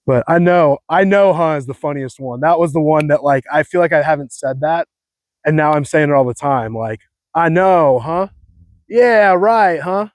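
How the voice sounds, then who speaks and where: A man from California talking in a casual monologue, animated and rambling, mocking himself, full of fillers. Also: fairly high pitch, no room sound, clean studio sound. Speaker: vlogger.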